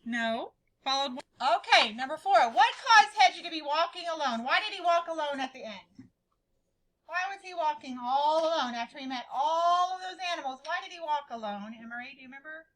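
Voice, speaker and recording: A woman teaching a class reading lesson in a high, bright voice. She keeps asking the same question again and calls on pupils by name, then echoes back their answers. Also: expressive, moderate pace. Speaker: schoolteacher.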